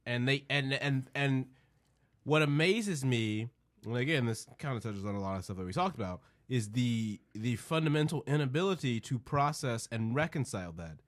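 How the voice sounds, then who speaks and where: A man's voice: mid-range voice, lively intonation, moderate pace. A man on a casual podcast, swearing freely as his point heats up into a rant. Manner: profane, builds from mumbled musing to heated rant. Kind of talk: casual chat.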